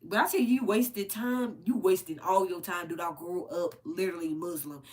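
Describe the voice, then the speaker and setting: A woman hosting her own commentary channel, ranting bluntly and profanely to her viewers, her pitch leaping high whenever she gets worked up. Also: moderate pace. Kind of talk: unscripted rant to camera.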